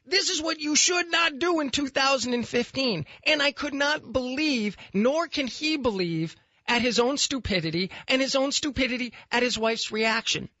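A man hosting a talk radio show, telling a story in an animated, exasperated way. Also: very high voice, no room sound, muffled recording. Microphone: studio microphone.

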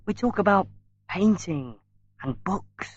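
A man voicing a quick-tempered young man answering sharply and defensively. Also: high-pitched, expressive, no echo, dull audio, voice pushed up, exaggerated voice.

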